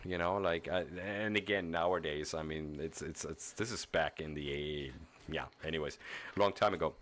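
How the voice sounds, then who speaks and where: Deep-voiced rambling man streaming a game. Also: moderate pace, fairly bright tone, a little hiss or hum. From Germany. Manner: rambling, chuckling, many restarts. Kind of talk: casual gaming stream commentary.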